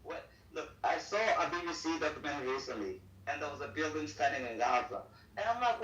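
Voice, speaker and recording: A man's voice: a little high, expressive, fairly quick, a bit bright. A man talking casually in a blunt, heated, profane manner. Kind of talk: casual talk. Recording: echoey, distant mic, faint noise.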